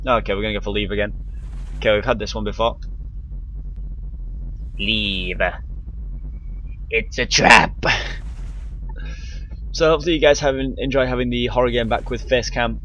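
A man's voice: medium pitch, fairly even intonation, moderate pace, long pauses, a bit bright, highs cut off, a little hiss or hum. A man commentating a horror game he is playing, easily scared, swearing and yelping often, recorded on a handheld camera mic. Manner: jumpy, scared, swearing, frequent sudden yelps. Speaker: gaming YouTuber.

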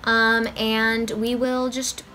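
A woman's voice: fairly high pitch, flat delivery, takes it slowly, pushed and bright, a little hiss or hum. A young woman giving bubbly, giggly gameplay commentary as a vlogger. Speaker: gaming vlogger. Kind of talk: gameplay commentary with read dialogue.

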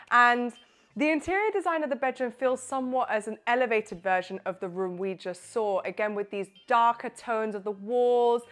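A woman's voice: mid-range voice, a bit bright. A young woman presenting a walkthrough tour of a townhouse, chatty and enthusiastic, speaking straight to the viewer as she walks through the rooms. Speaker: real estate presenter. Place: inside a townhouse and on its rooftop terrace.

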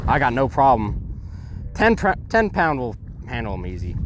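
Excitable man fishing from a boat. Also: medium pitch, measured pace. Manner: excitable, exclaiming often. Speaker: fishing vlogger. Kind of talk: excited outdoor fishing vlog. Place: on a boat on the water. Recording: noisy outdoor boat audio.

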